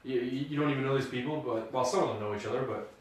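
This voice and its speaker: A man chatting casually on a podcast, an animated storyteller who throws himself into each quote. He sounds set back from the mic. The room around him is very echoey. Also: mid-range voice, racing. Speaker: podcast co-host. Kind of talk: casual chat. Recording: roomy echo, mic at a distance.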